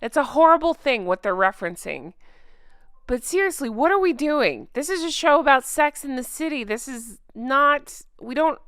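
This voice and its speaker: A woman's voice: high voice, animated, moderate pace, fairly bright tone, no room sound, clean studio sound. A woman hosting a TV recap, ranting in an exasperated, sarcastic way and often breaking off mid-sentence. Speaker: show recap host.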